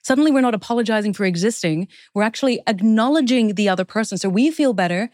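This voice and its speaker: A guest author talks quickly in an interview, her medium-pitched voice slightly mellow and lively in intonation. She lays out her ideas earnestly, point by point. The studio sound is clean, with no echo.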